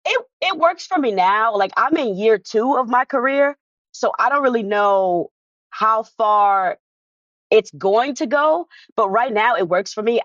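A woman's voice: medium pitch, dry recording, dull audio. A woman voice actor speaking casually on a video-call panel, chatty and loose. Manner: casual, chatty, many fillers.

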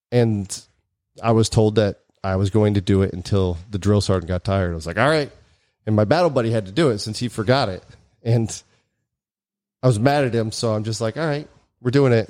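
A man and former army bomb technician casually telling stories, acting out the people he quotes. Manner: animated, acts out quoted voices with big pitch jumps. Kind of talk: casual storytelling chat.

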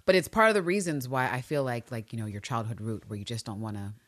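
A woman's voice: a bass voice, fast, no room sound. A woman hosting a podcast, chatting casually and animatedly about a TV show, cursing and laughing freely. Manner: animated, profane, laughs often. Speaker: podcast host. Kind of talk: casual TV recap chat.

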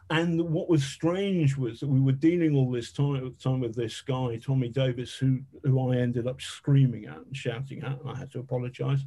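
A man, a journalist, telling a lively, self-mocking anecdote with casual swearing. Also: medium pitch. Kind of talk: conversational anecdote.

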